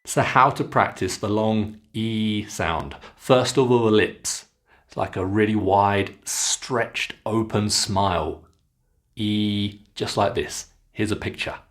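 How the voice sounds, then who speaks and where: A man with a British English accent leads a pronunciation lesson at an unhurried, careful pace. His voice sits somewhat low, and he models each sound plainly so learners can repeat after him. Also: a bit bright. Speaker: pronunciation teacher.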